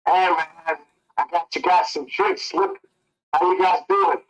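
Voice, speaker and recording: A man playing a chummy, high-voiced drunk. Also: huge pitch swings, a little slow, muffled recording, full character voice. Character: friendly drunk man, eager to please.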